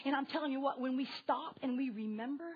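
A woman preaching a sermon to a congregation with children, animated and asking her listeners questions directly. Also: sits high, fast talker, husky, highs cut off.

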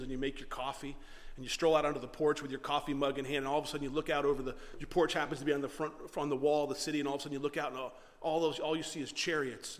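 A male pastor preaching a sermon with a fairly high voice, animated and dramatic as he retells the scripture. The sound carries a long reverb from a large hall.

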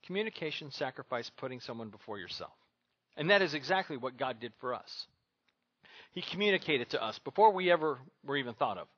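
Emphatic preaching man, bright and muffled. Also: mid-range voice, animated, brisk, no room sound. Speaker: pastor. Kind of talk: sermon.

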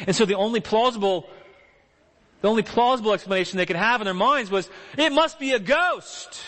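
A man preaching a sermon, telling Bible stories with animated, acted-out character voices. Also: fairly high pitch, big-room sound.

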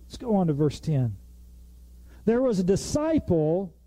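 Male preacher, conversational sermon, high and lively, plays out the quoted lines. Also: unhurried, no echo.

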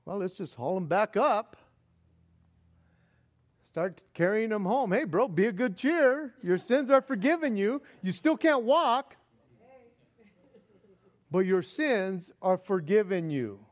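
Fed-up sarcastic friend, high-ish voice, put on by a male preacher. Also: animated, slow pace, pauses often.

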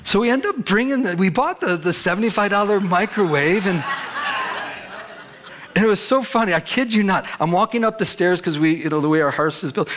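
A man preaching a sermon as pastor, reading scripture and telling folksy stories in an animated way. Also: high-pitched, noisy background.

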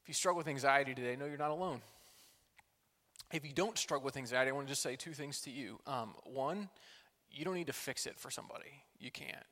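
A man preaching a sermon as pastor, earnest, moving between loud pleading passages and quiet, intimate ones. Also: mid-range voice, a little fast. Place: church hall. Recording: long hall reverb.

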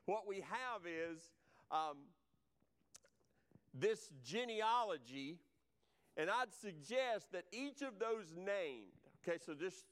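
A preacher man with a high, ringing voice and smooth, resonant clarity. He preaches animatedly, rising into loud proclamations and dropping into low, conversational asides to his congregation. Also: animated, slow, pauses often. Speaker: pastor. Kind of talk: sermon. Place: church sanctuary.

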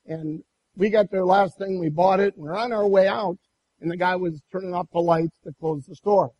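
A man preaching a sermon and telling a personal story in an animated way, with many restarts. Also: high voice, moderate pace, lo-fi sound. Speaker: pastor.

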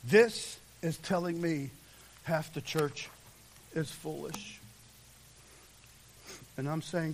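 Impassioned male preacher, fairly high voice. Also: slow, pauses often, slight background noise. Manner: impassioned, swings from shouts to hushed whispers. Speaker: pastor. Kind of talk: sermon.

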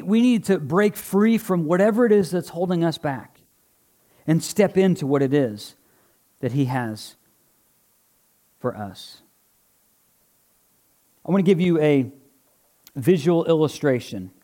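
A male pastor preaches to his congregation in a warm, conversational tone. His voice sits a little higher than most men's. He moves between earnest exhortation and light joking with the people in front of him. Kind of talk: sermon with live object lesson. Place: church before a congregation.

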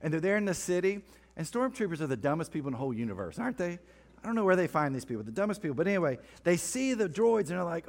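A man's voice: fairly high pitch, big pitch swings, quick pace. A man preaching a sermon, reading scripture and breaking off for playful asides. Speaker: pastor. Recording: long reverb of a large hall.

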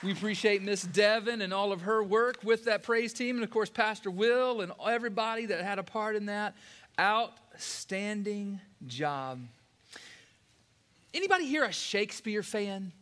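Pastor guy, really high voice, folksy and lively preaching in church. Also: moderate pace. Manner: folksy, energetic preaching, acts out quoted lines. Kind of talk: sermon. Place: church sanctuary.

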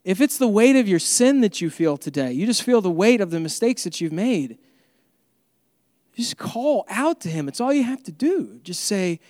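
A man's voice: high voice, very animated, moderate pace, a little mellow, dry recording, clean studio sound, in a large hall. A man preaching an earnest, conversational sermon as pastor.

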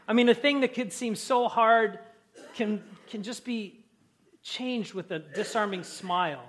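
High-pitched guy pastor giving a sermon, chatty, cracks jokes w the crowd. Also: animated, moderate pace, fairly bright tone. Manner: conversational, joking with the congregation.

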